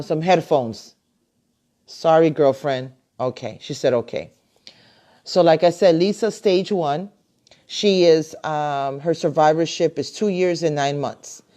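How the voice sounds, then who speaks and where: A middle-aged woman and grandmother hosting a casual live video chat from her computer, talking in a chatty, warm-hearted way with many fillers and restarts. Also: deep voice. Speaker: host. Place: home, at a computer. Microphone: computer mic on a live video call.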